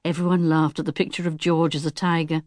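A woman narrating a children's audiobook in a clear, expressive storytelling manner. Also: low voice, fast, no echo, clean studio sound. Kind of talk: scripted narration.

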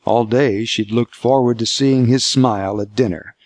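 A man reading scripted narration for an audiobook in a measured, steady way. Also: medium pitch, no echo, studio quality.

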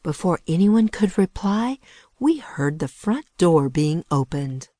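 Slow breathy woman reading a kids' tale. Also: fairly low pitch, dry recording, studio quality. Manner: lively storytelling, hushed whispers for suspense. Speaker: narrator. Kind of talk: children's audiobook narration.

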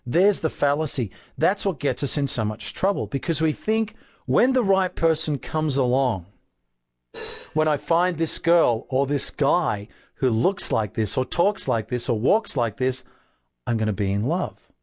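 A man's voice: mid-range voice, lively intonation, unhurried, a little mellow, no room sound, studio quality. A man with an Australian accent explaining emotions in an earnest self-help talk, often posing rhetorical questions. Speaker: self-help author and relationship coach.

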